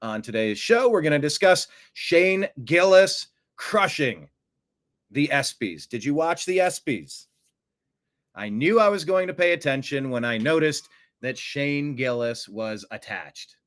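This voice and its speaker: Animated sarcastic male commentary host. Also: measured pace. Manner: animated, sarcastic, mocks others in high put-on voices. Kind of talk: political commentary show.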